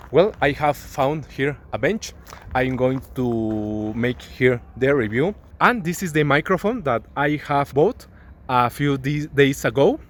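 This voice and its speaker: A Mexican man speaking English as a second language with a Mexican Spanish accent. He vlogs while walking through a city park and along an avenue, earnest and searching for words, recorded on a phone and then a wireless clip-on mic. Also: mid-range voice. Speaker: travel vlogger. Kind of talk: walking vlog, learner's English. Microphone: smartphone mic, then a clip-on wireless mic. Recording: phone recording with faint street noise.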